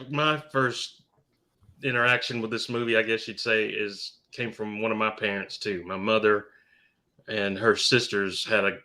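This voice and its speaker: Bright-voiced man, halting and joking. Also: lowish voice. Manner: halting, restarts a lot, joking. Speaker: podcast co-host. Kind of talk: casual chat.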